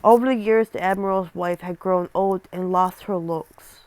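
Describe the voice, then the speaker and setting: A woman's voice: fairly low pitch, fairly even intonation, moderate pace, darkish tone, no room sound. A young woman reading a scary story aloud and breaking off for casual, rambling asides, often stumbling over words.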